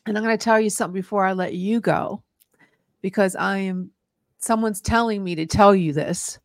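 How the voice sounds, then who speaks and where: A woman's voice: mid-range voice, fairly even intonation, moderate pace, dry recording, clean studio sound. A woman hosting a radio talk show, telling a personal faith story in an earnest, rambling way with many restarts. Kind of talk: casual radio interview, personal testimony.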